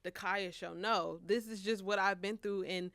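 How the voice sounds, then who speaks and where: A woman's voice: mid-range voice, fairly even intonation, moderate pace, fairly bright tone, no echo. A woman of twenty-one, a college senior and author, speaking earnestly and reflectively in a casual interview. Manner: earnest, reflective, with frequent restarts and laughs. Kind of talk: casual faith-centered interview.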